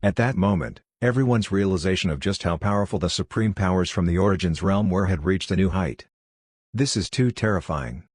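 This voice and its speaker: A man narrating a fantasy audiobook in a steady, even reading manner. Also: sits low, fairly quick, few pauses, husky, no room sound, studio quality. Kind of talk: scripted narration.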